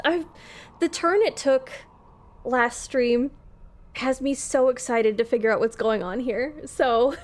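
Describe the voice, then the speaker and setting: A streamer with a slightly high female voice gives live let's play commentary, reading game dialogue aloud and pausing to chat with her viewers. She sits close to a desk mic in a home setup.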